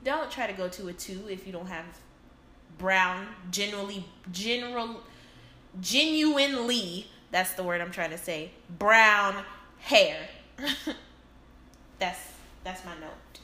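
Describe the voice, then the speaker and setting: A woman's voice: medium pitch, unhurried, bright, forceful tone. A woman chatting casually and giving friendly advice, laughing often. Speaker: co-host. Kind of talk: casual chat. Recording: echoey room with faint noise.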